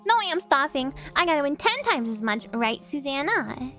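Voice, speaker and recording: A woman's voice: high voice, big pitch swings, moderate pace, fairly bright tone, soft background music. A woman voicing a stubborn, desperate young male gambler who insists on playing on. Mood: defiant. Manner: defiant and insistent.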